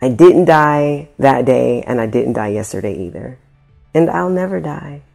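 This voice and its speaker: A woman's voice: extremely low pitch, lively intonation, measured pace, vocal fry, a little mellow, faint music behind. A woman vlogging, telling a story in a casual, slangy way with swearing and acted-out quotes.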